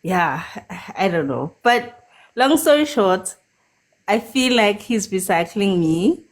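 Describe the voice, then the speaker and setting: A woman's voice: mid-range voice, lively intonation, slow pace. A woman in her thirties calling into a live stream, rambling about her ex and laughing often. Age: 30s. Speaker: caller. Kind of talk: casual chat on a live stream call.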